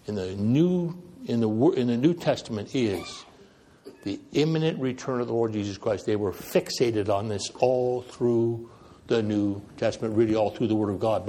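A man preaching a sermon, swinging widely between loud emphatic phrases and quiet ones, with conversational asides and self-deprecating humor. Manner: dramatic, with wide swings in pitch and loudness.

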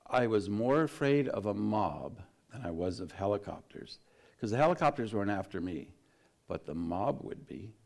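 A man with a low voice recounts a personal story in relaxed, unscripted speech. He talks haltingly, breaking off and restarting, and his voice sinks softly at the heaviest moments. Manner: halting, with restarts and quiet dips at grave moments. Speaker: guest telling a personal story. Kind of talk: casual spoken recollection.

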